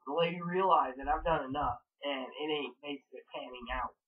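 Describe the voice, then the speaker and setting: A man's voice: on the high side, brisk. A man talking to camera in a casual venting monologue, rambling and profane, with many repeated fillers. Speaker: vlogger. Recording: tinny phone-like audio.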